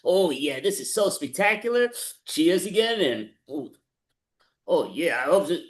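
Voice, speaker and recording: A man's voice: fairly high pitch, very animated, measured pace, reverberant. A man improvising a chatty male hitchhiker who keeps exclaiming and stammering, in a live improv scene over a video call. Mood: blissful. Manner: exclaims "oh" constantly, rambling and stammering. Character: chatty male hitchhiker, easily delighted then panicky.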